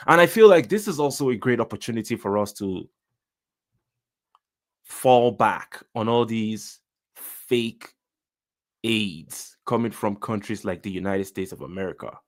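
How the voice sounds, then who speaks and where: A man with a Nigerian accent gives opinionated political commentary in a low, grounded voice. He talks emphatically and directly, often turning to address his audience. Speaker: commentary channel host.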